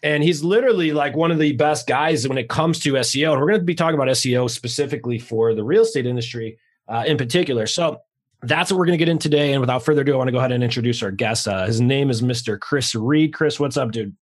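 A man hosting a podcast, talking fast and raw in a casual, energetic way with mild swearing. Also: medium pitch. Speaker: podcast host.

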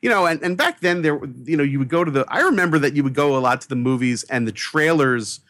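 A movie critic from New York telling an animated personal story, excitable and acting out the voices of the people in it. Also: male voice, fast talker, no echo, clean studio sound. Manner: excitable, acts out quoted voices with big pitch jumps. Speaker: movie critic, podcast guest.

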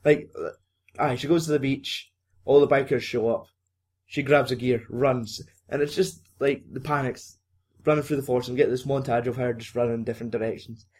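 A young man with a Scottish accent talks through a film in relaxed, sweary chat. His voice sits at an ordinary middle pitch, and he keeps jumping into quick impressions of the characters. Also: husky. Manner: sweary, animated, jumps into silly voices. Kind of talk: casual film recap chat.

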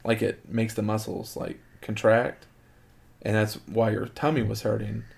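A middle-aged man, a father, talking with his child in a relaxed, chatty way, often saying "like". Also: lowish voice, measured pace, creaky. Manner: relaxed, chatty, heavy use of "like". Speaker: father and show co-host. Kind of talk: casual family chat.

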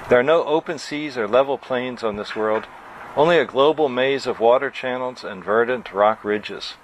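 A man reading his own novel aloud at a bookstore event, in a measured storytelling voice. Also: mid-range voice, lo-fi sound, slight background noise.

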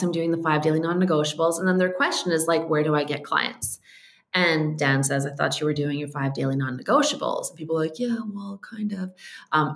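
A woman, a podcast guest, telling stories in a casual chat, animated and quick, often saying "like" and "um". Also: low-pitched, reverberant. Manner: animated, quick storytelling with frequent "like" and "um".

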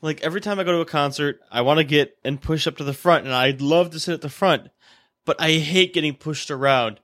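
A man's voice: on the high side, a little fast, a bit bright, dry recording. A young man in casual chat, blunt and crude, joking around.

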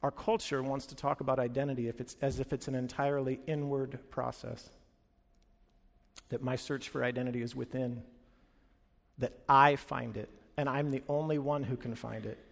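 A man preaching a sermon as a pastor, telling stories with energy, acting out quoted lines and dropping to quiet earnest moments. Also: mid-range voice, little pitch movement, moderate pace, creaky, big-room sound.

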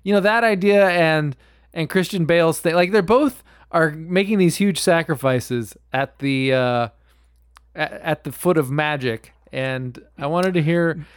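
Clear-voiced man rambling about films. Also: on the high side, unhurried, dry recording, studio quality. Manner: rambling, many fillers and restarts, swears. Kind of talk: casual film chat.

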